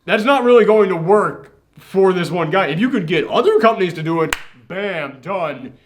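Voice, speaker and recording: A man's voice: sits high, animated, moderate pace. A man hosting a casual movie reaction chat, retelling scenes with animation and acting out the characters' lines. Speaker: podcast host.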